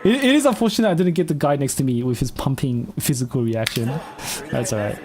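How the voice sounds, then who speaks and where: A man's voice: medium pitch, fast. A man, the host, commenting casually on event footage, chuckling often and rambling with restarts. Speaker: channel host. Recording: loud event crowd and noise behind.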